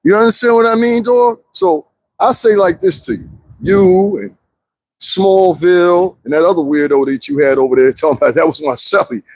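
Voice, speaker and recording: A man's voice: high voice, moderate pace, dry recording. A man commenting casually on a live stream, talking straight to his viewers and laughing often. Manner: animated, talks straight to viewers, frequent laughs.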